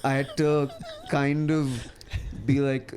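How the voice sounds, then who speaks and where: Indian man telling stories with quick laughs. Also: medium pitch, a little hiss or hum. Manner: animated storyteller, laughs often, many restarts. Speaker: comedian guest. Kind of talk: casual podcast chat.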